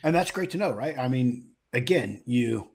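A middle-aged West Coast man co-hosts a podcast in casual chat, speaking at normal speed with a medium-pitched, expressive voice. His tone is a little mellow and slightly rough, with vocal fry. He talks conversationally, full of fillers and restarts.

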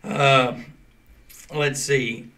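Chatty male podcast host, bright voice. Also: medium pitch, steady tone, extremely slow, vocal fry. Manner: explains at length, loose and chatty. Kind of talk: casual chat.

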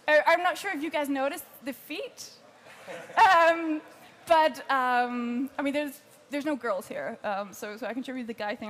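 A woman coaching a group on presenting, chatty and lively, often laughing between points. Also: sits high. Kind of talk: workshop teaching.

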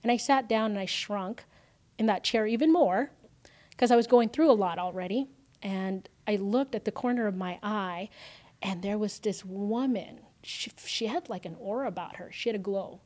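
A woman appearing as an interview guest shares an emotional personal story. She is animated, uses lots of fillers and acts out quoted lines. Her mid-range voice keeps a moderate pace.

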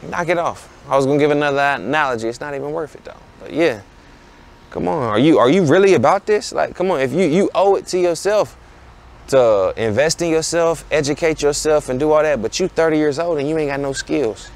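A man around thirty hosts a podcast, delivering blunt, preachy life advice in a casual monologue that keeps looping back to rhetorical questions. His voice is fairly high-pitched and brisk.

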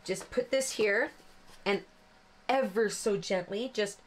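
A woman's voice: medium pitch, takes it slowly. A chatty woman talks through a card-making demo in a mid-range voice, rambling and joking at her own expense. A faint hiss of background noise sits under her voice. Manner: chatty, rambling, self-deprecating with frequent fillers. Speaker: card-making tutorial host. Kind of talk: casual crafting demonstration.

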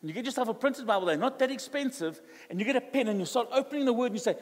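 A man with a South African English accent preaching a sermon in a conversational, animated way, acting out quoted dialogue. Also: very high-pitched, very fast, few pauses. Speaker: pastor. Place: church hall. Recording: live church hall reverb.

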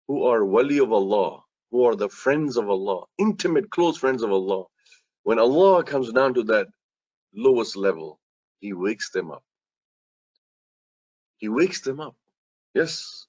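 A man's voice: mid-range voice, no echo, lo-fi sound. A man preaching as an imam in an earnest, repetitive sermon that speaks straight to his listeners.

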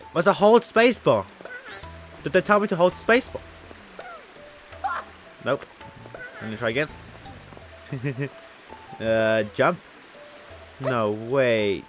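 Giggly, excitable gamer man. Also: medium pitch, slow, pauses often, faint music behind. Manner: giggly, playful, shouts and squeals when excited. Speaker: gaming youtuber. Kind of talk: excitable let's-play commentary. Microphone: desk microphone with headphones.

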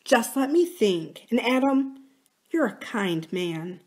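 A woman voicing Kathy, a soft, scheming young woman. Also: on the high side, big pitch swings, pitched above the performer's own voice. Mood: coaxing. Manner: soft, slow, coaxing. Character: young woman, wounded and scheming, softly coaxing.

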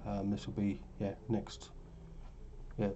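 A man's voice: lowish voice, monotone, slow pace, warm tone, muffled recording, slight background noise. Tired man talking through charts. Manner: rambling, self-correcting, tired and yawning. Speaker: forex trading vlogger. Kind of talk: casual screen-share commentary.

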